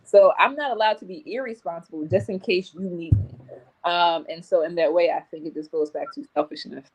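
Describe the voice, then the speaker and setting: A woman in a podcast chat telling a personal story in a reflective, measured way. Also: fairly low pitch, a little mellow, a little hiss or hum, rough recording. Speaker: podcast guest. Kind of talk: casual podcast discussion.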